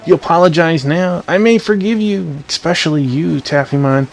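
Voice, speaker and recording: A man's voice: a little high, normal speed, vocal fry, pitched above the performer's own voice. A man reading aloud the lines of a gloating, scheming vice principal villain from a game, in a raised, sneering voice.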